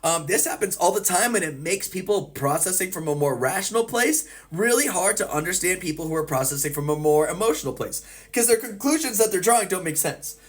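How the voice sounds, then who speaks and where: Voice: medium pitch, lively intonation, brisk, hardly any pauses. A therapist explaining a psychology topic with everyday examples, acting out the thoughts of the people in them. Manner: acts out people's inner thoughts. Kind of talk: educational explainer video.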